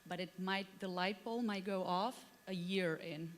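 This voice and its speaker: A woman's voice: mid-range voice, normal speed. Woman explaining on a reverberant stage. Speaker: cultural onboarding trainer. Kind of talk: conference panel discussion. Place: conference hall. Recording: long hall reverb.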